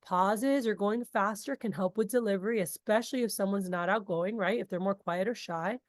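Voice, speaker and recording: A woman coaches a group of sales reps. She is talkative and animated, with casual asides. Her voice sits at a middle pitch and sounds close and dry, with no room echo. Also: normal speed. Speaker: sales trainer. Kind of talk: energetic group training talk.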